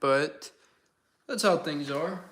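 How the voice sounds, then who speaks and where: A young male livestream host with a slightly high voice chats loosely with his viewers. He answers their comments as he goes, in a relaxed and talkative way. He speaks close to a desk microphone. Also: slow. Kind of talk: casual livestream chat with viewers.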